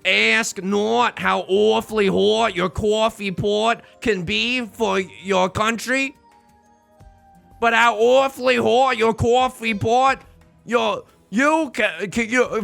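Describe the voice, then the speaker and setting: A man doing a political orator impression, New Jersey accent, slow grand delivery, raised pitch, loud. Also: creaky, soft background music, exaggerated voice. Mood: orating. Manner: slow, booming, stumbling speech cadence. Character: grand old-style male political orator.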